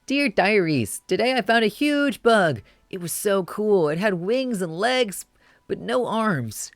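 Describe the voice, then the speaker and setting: A streamer voicing a young boy reading an excited diary entry aloud, in a loud, gushing voice. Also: mid-range voice, unhurried, no echo, voice pushed up.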